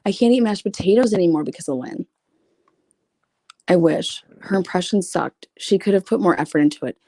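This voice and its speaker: Woman on a stream, low-ish mellow voice, super blunt and sweary, reads out messages and snarks at them, dry sound. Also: animated, fairly quick, no echo. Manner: blunt, profane, sarcastic; reads messages aloud with asides. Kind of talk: casual livestream commentary.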